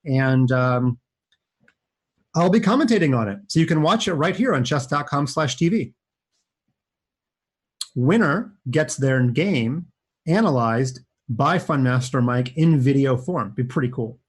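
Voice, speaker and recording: A man's voice: mid-range voice, animated, measured pace, long pauses, breathy edge. A man commentating his own chess games live for kids, chatty and upbeat, thinking aloud as he plays. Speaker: chess coach and streamer.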